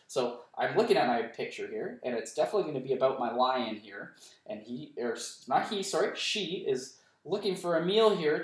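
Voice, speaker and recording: Slow-spoken teacher in an echoey room. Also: male voice, mid-range voice. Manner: slow, sounding out words letter by letter. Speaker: kindergarten teacher. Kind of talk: teaching a writing lesson to young children. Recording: roomy echo, voice a bit far from the mic.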